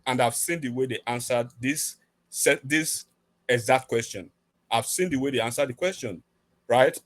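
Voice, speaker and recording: A man's voice: mid-range voice, fairly bright tone, dry recording. A man, arguing insistently on a heated panel debate and repeating himself to keep the floor.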